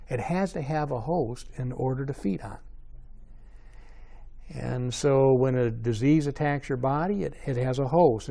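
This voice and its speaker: A man's voice: mid-range voice, dark tone. A man teaching a Bible study in a conversational way, checking in with rhetorical questions and rising to emphatic stresses.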